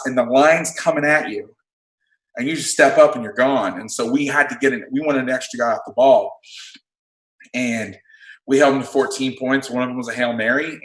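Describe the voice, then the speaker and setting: A man who coaches football, breaking down defensive play calls in a casual chat, blunt and quick to swear. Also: medium pitch, fairly bright tone. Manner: blunt, swears freely, explains plays in detail. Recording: roomy echo.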